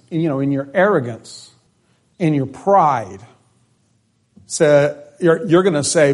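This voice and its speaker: A man's voice: a little high, slow, long pauses, darkish tone. A man preaching an expository sermon, reading scripture aloud and then stressing and repeating key phrases, thinking aloud with restarts and asides.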